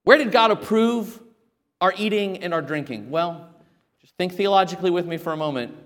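A man preaching a sermon as pastor, emphatic, with sudden loud exhortations. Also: sits high, animated, moderate pace, long reverb tail.

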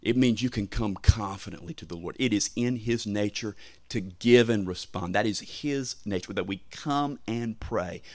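A pastor preaching an impassioned sermon. He repeats his points with emphasis and his voice suddenly swells in loudness. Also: on the low side, moderate pace, no room sound.

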